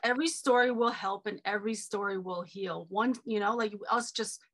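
A woman's voice: medium pitch, moderate pace, a bit bright, a little hiss or hum. A woman hosting a podcast, speaking casually and encouragingly about sharing stories. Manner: encouraging, frequent affirmations. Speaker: podcast host. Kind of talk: casual chat.

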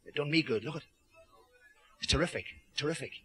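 A man's voice: a little high, fairly quick, a bit bright, natural voice. An Irish man voicing a strange, hearty male island hermit in a joke.

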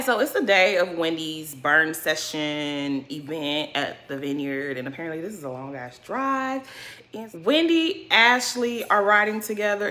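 Female vlogger, sassy and blunt, bright and forceful tone, recap style. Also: fairly low pitch. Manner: sassy, blunt, addresses viewers as girl. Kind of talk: casual recap commentary.

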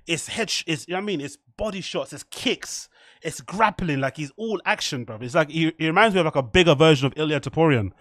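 A man's voice: on the high side, quick pace, fairly bright tone, no room sound, clean studio sound. A man hosting a live stream, rambling and swearing as he reacts to a fight and reads out chat. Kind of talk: casual live-stream commentary.

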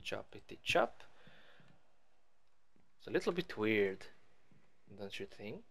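A man's voice: fairly low pitch, big pitch swings, normal speed. A man giving casual, rambling let's-play commentary as he builds in a game, joking at his own expense. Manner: rambling, playful, self-mocking. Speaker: gaming channel host.

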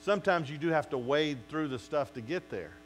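A man's voice: a little high, fairly quick, slight background noise, low-quality recording. A male pastor preaching a sermon, acting out quotes from his listeners and talking straight to them. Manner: animated preaching with acted-out quotes.

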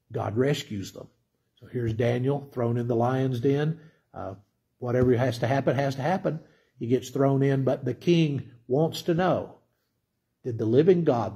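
A man's voice: medium pitch, mellow, breathy edge. A middle-aged man giving a conversational Bible teaching sermon, often asking his listeners questions. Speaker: pastor.

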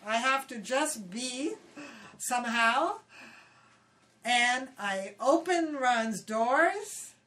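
An older woman from Hawaii, casually telling animated stories in an interview and acting out quoted voices. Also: fairly high pitch, drawn-out words. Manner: animated, acts out quotes loudly, laughs often. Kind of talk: casual storytelling. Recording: voice somewhat distant from the mic.

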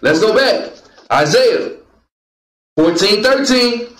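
A man's voice: sits high, lively intonation, slow pace, fairly bright tone. A man teaching the Bible to a class, calling out verses for a reader and joking with the group. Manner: calls out commands to a reader, jokes with the crowd. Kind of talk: preaching lesson to a class. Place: meeting room with a group. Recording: roomy echo.

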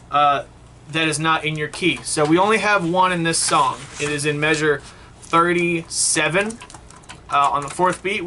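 A man's voice: a little high, bright, forceful tone, a little hiss or hum. A man teaching a saxophone lesson, explaining step by step and often checking in with "okay?" and "right?". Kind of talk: online music lesson.

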